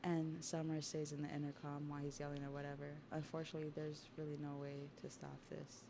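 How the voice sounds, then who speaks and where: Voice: mid-range voice, monotone, fast, gravelly, noisy background. A streamer casually recapping a comic on a livestream, with laid-back slang, laughter and swearing.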